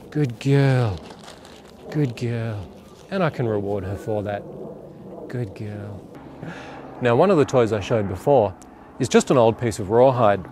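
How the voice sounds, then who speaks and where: A man working as a dog trainer, calmly explaining a training demonstration while crouched beside a dog. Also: lowish voice, slight background noise. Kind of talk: instructional demonstration.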